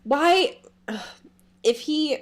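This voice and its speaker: A woman co-hosting a podcast in an easy, chatty way. Her voice sits a little high and swings widely as she retells scenes. She giggles often and fills her talk with "like". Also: drawn-out words. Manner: giggly, animated retelling with lots of "like". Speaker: podcast co-host. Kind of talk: casual book-club chat.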